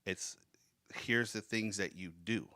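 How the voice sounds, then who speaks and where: A man's voice: lowish voice, slow pace, sharp tone, no echo, clean studio sound. A man hosting a casual interview, reflective and agreeable, thinking aloud about his own experience. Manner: reflective, agreeable, many "yeah" and "right". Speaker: podcast host.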